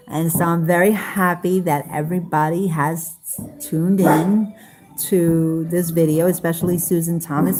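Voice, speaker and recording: Woman chatting haltingly on a live stream. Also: lowish voice, mellow. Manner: halting, with many fillers and restarts. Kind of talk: casual live-stream chat. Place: home in Las Vegas.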